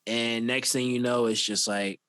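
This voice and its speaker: A man's voice: mid-range voice, steady tone, moderate pace, fairly bright tone, smooth, no echo. A man co-hosting a podcast, telling a long casual story full of "like" and restarts. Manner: rambling, filler-heavy with "like" and restarts. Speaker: podcast co-host.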